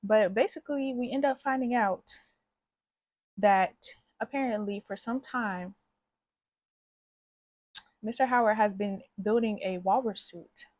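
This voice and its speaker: Woman, casual movie recap, slangy, talkative, mid pitch, dry sound. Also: unhurried, pauses often, a little mellow, no echo. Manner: slangy, chatty, acts out characters' lines. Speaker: movie reviewer.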